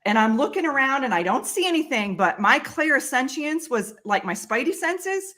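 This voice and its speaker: A woman, a guest on a talk show, telling a personal story with lively, emotional delivery. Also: sits high, normal speed. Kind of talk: storytelling in a casual interview.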